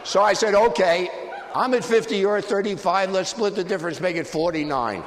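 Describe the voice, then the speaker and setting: A man's voice: high-pitched, brisk. An older man giving a live presentation on negotiation, telling humorous anecdotes with wry punchlines. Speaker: guest speaker on negotiation. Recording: hall reverb with faint background noise.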